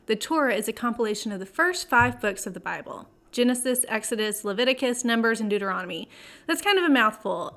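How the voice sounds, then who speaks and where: Expressive woman teaching the Bible. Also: fairly high pitch. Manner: warm, conversational, with playful asides and dramatic slow emphasis. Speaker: Bible teaching podcast host. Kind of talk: scripted devotional teaching.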